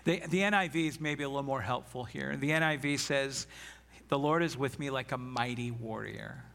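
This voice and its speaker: A man's voice: medium pitch, moderate pace, gravelly, fairly bright tone. A man preaching a sermon as pastor, earnest and emphatic, reading scripture aloud.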